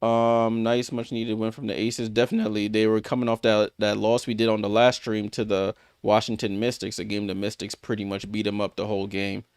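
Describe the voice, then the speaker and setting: This watchalong host talks in a fairly low, clear, resonant voice, brisk and flat, with hardly any pauses. He runs through the scores casually on a live stream, full of fillers and restarts, and replies to viewers by name. The recording is studio clean, without echo.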